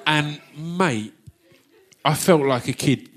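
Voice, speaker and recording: A man from Essex, England, with a mid-range voice and a slightly quick pace, hosts a live audience Q&A on a theatre stage at a book launch. He chats casually, jokes, swears and restarts his sentences, with slight background noise behind him.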